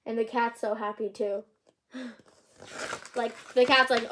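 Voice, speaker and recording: A woman reads a picture book aloud, pausing for chatty, curious remarks about the pictures. Her voice sits a bit high, and she moves easily between the story and her asides. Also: fairly even intonation, fairly bright tone, slight background noise. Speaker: channel host reading a picture book aloud.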